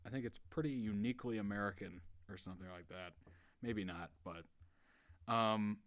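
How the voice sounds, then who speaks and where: A man's voice: on the low side, normal speed, fairly bright tone. A man hosting a reaction video, casually explaining background and laughing along. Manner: easygoing, laughs while explaining.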